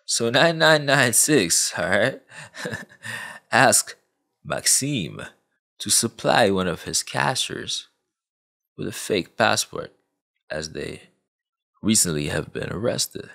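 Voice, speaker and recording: Gravelly, unhurried male storyteller. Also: on the low side, sing-song, bright, forceful tone. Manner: rambling, lots of fillers and asides. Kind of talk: casual documentary storytelling.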